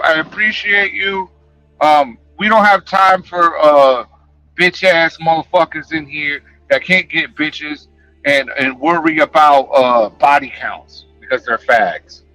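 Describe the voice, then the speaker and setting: Man, livestreamer, profane confrontational rant, lively swooping pitch, dry close sound, faint background music. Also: no echo, rough recording. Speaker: livestreamer answering chat.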